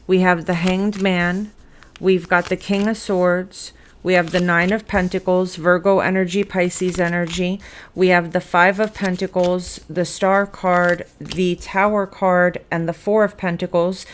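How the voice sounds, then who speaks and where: A woman's voice: fairly low pitch, a little hiss or hum. A woman giving a blunt, emphatic tarot reading, cursing freely as she speaks to her viewers. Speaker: tarot reader.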